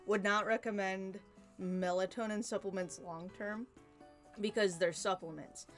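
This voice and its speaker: A woman's voice: mid-range voice, steady tone, measured pace. A young woman chatting casually and venting while she works on a drawing, rambling and swearing freely. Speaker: art streamer. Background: soft background music.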